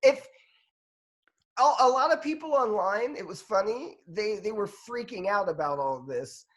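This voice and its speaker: Animated man rambling about football. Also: sits high, moderate pace. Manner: animated, rambling, self-deprecating. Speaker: podcast co-host. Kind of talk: casual football chat.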